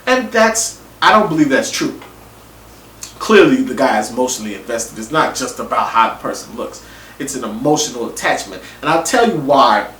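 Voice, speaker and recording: A man giving a casual, animated review of a TV episode, acting out people's reactions in slangy everyday talk. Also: mid-range voice, normal speed, slight background noise. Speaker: TV show reviewer. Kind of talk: casual opinion monologue. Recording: echoey room, mic at a distance.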